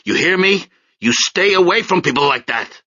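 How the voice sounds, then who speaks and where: A male audiobook narrator voicing a stern, protective middle-aged father who scolds and shouts. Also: extremely high pitch, a little slow, dull audio, voice pushed up, exaggerated voice. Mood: scolding.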